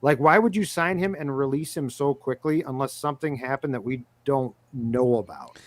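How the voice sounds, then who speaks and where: A man co-hosting a sports podcast, casually chatting and briskly reading out news. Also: mid-range voice. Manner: brisk, reads lists of names in quick bursts. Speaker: podcast co-host.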